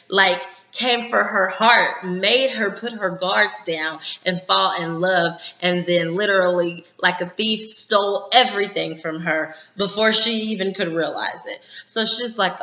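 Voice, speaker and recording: A woman's voice: mid-range voice, bright, forceful tone. A woman casually recapping a TV episode, chatty and retelling scenes with quoted dialogue and lots of "like". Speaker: TV episode reviewer. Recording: echoey room, slightly dull lo-fi sound.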